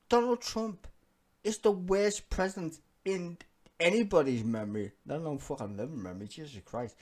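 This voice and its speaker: A man's voice: on the high side, darkish tone. A man ranting through a political reaction video, swearing freely and pressing each point hard. He breaks into laughter between angry stretches. His delivery stays heated and emphatic throughout. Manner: laughs often while talking. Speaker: political commentary vlogger.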